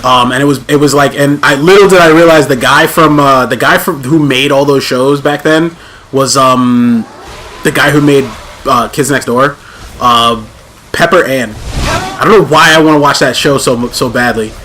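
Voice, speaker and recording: A man's voice: medium pitch, normal speed, pushed and bright, a little hiss or hum. A man hosting a let's play, chatting casually with plenty of fillers and restarts. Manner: rambling, full of fillers and restarts. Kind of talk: casual gaming chat.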